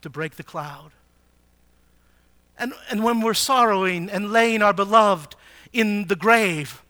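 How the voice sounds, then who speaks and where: A man preaching a sermon, asking the congregation rhetorical questions and swinging between hushed, slow passages and loud, emphatic ones. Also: sits high. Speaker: pastor.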